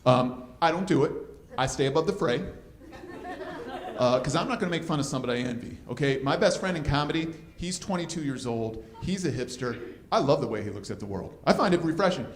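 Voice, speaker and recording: A man's voice: fairly high pitch, lively intonation, brisk, noisy background. A man in his fifties doing a crude, self-deprecating stand-up comedy set on a club stage. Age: 50s. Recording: live club recording, roomy with crowd laughter.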